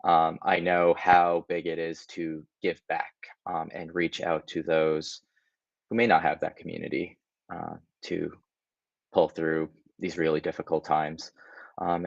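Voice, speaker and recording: A man's voice: deep voice, steady tone, measured pace, creaky, dry recording, muffled recording. A man, the conference organizer, speaking earnestly and hesitantly over a video call, with many ums. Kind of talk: casual remarks at a virtual conference.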